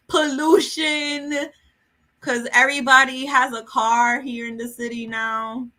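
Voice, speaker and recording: A woman's voice: high voice, steady tone, slow, pushed and bright. A woman hosting a book vlog, chatting casually and jokingly with viewers during a livestream. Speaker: book vlogger host. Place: home in a city.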